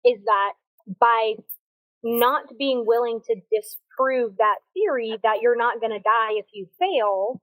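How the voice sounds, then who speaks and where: Speaking close to the microphone on a video-recorded solo podcast, the female host is chatty, upbeat, and encouraging. Her voice is a little high and fairly bright, her pace measured, and the audio is poor though echo-free.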